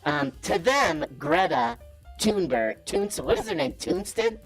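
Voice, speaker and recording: A caller doing a cocky, creaky business guru. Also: huge pitch swings, a little slow, faint music behind, full character voice. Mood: smug. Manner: cocky, evasive and defensive, pitch swinging wildly. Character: boastful self-styled business guru, male, adult. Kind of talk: comedic impression on a call-in show.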